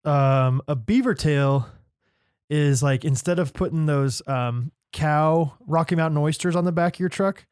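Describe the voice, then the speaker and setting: A man with a somewhat high voice, co-hosting a podcast and rambling through his thoughts with plenty of fillers and restarts. The sound is dry and close-miked. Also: a little slow, a little mellow, clear, resonant tone, no echo. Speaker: podcast co-host. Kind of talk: casual chat.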